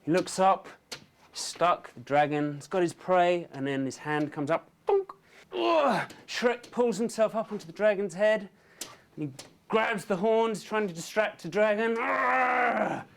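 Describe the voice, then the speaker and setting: A man pitching a storyboard, narrating action lively with sound effects and character voices. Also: a little slow. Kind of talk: storyboard pitch, acting out scenes.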